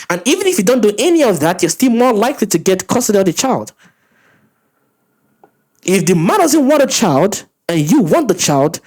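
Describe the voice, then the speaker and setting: A man ranting through a reaction commentary, incredulous and profane, his voice swinging up high when he gets worked up. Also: a little mellow, husky. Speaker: commentary channel host.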